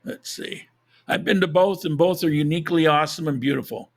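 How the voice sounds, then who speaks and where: A man hosting a live podcast, chatting casually with a hoarse, froggy voice, rambling and correcting himself as he goes. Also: fairly high pitch, brisk. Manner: rambling, self-correcting, chuckles at own jokes. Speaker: podcast host. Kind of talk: casual live-stream chat.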